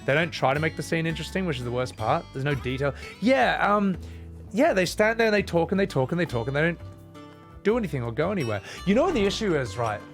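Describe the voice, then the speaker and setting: A man's voice: on the high side, animated, fast talker, faint music behind. A young man giving sarcastic, sweary live commentary while streaming a game and reading chat.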